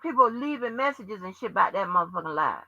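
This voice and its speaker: A woman's voice: medium pitch, expressive, fast, no room sound. A woman hosting her own channel, delivering a heated, profanity-heavy rant that scolds her viewers. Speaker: channel host. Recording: dull lo-fi dry sound.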